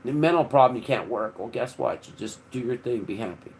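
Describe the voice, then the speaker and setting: A man delivering a rambling, preachy monologue in casual, sometimes profane speech, with sudden loud outbursts that drop back to low murmurs. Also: animated, fairly quick, hardly any pauses. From United States. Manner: casual, swears. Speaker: channel host. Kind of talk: impassioned monologue.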